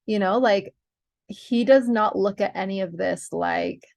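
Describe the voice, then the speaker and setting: Young woman, host, casual chatty delivery with gravelly fry, frequent fillers. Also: mid-range voice, a little slow, a little mellow. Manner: chatty, many fillers, giggly. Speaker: podcast host sharing pregnancy updates. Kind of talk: casual chat to viewers.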